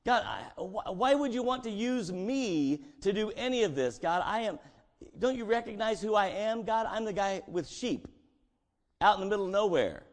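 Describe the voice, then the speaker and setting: A man's voice: lively intonation, moderate pace. A man voicing an anxious, self-doubting shepherd prophet who stammers as he pleads, in a reverberant hall. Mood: pleading. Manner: pleading, stammering, high and strained.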